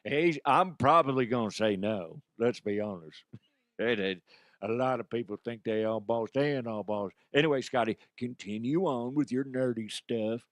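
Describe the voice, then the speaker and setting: A man's voice: mid-range voice, normal speed, no echo, pitched below the performer's own voice, lightly acted. A man voicing a brash cowboy sports pundit who talks in cocky, crude slang. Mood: mocking.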